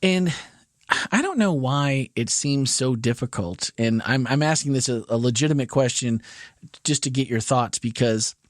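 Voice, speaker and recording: A man hosting a church podcast, talking through his thoughts at an easy, searching pace. His mid-pitched voice sits close and dry on the mic, and he often restarts a thought before landing it. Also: expressive, normal speed, dry recording. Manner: thoughtful, rambling, with many restarts. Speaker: podcast host. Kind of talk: casual church podcast chat.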